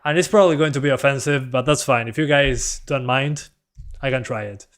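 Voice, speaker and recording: A man whose first language is Spanish, streaming a game in English, rambling in a relaxed, self-deprecating way and reading his chat aloud. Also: mid-range voice, fairly quick. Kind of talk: casual gameplay chat.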